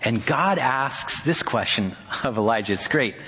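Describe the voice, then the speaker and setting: Pastor preaching, bright voice, reverberant hall. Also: male voice, medium pitch, moderate pace, hardly any pauses, slight background noise. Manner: conversational and animated, with wry humor. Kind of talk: sermon. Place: church sanctuary.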